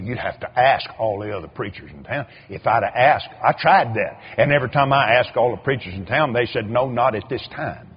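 A man's voice: medium pitch, fairly quick, few pauses, a little hiss or hum. An older man preaching a sermon, telling stories with repeated words and acted-out quotes. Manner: animated storytelling, acts out quoted voices, repeats words. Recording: dull lo-fi recording.

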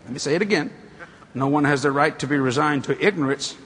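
A man preaching in church, telling a funny story in an animated, playful way and laughing often. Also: fairly high pitch, fast talker. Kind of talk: humorous sermon storytelling.

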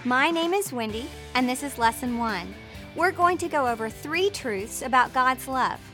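High-pitched lady teaching scripture, calm and clear, leans on key words. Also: soft background music. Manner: clear, measured, gently emphatic reading. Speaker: Bible study teacher.

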